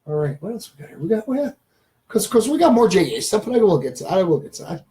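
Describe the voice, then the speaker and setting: A man's voice: high voice, very animated, quick pace, warm tone. Rambling man hosting a live stream. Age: 30s. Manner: rambling, talks straight to viewers. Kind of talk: casual live-stream chat.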